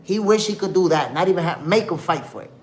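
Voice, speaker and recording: A man's voice: sits high, animated, quick pace, a little mellow, slight background noise. A young man hosting a boxing livestream, ranting heatedly and cursing, calling his viewers "my peoples". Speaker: boxing show host. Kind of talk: casual livestream commentary.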